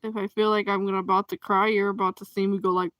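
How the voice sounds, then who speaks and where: A woman hosting a casual livestream chat, reacting to comments, expressive and quick to laugh. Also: medium pitch, no room sound.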